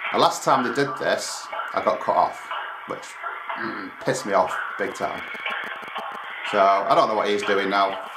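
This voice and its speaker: A man venting angrily to his viewers while on hold with customer support, swearing a lot. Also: deep voice. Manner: angry, swearing, exasperated. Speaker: gaming website owner and YouTuber. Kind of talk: venting to camera during a support call. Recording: echoey room with clear background noise.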